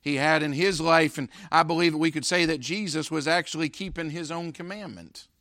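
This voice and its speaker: A man preaching a sermon as pastor, with emphatic swells and sudden loud peaks. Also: fairly high pitch, brisk, dry recording.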